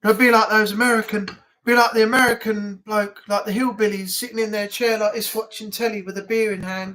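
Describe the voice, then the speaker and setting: A man's voice: sits high, fairly quick. Man, northern English accent, livestream chat host, casual, rambling, lots of fillers. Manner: rambling, relaxed, with many fillers.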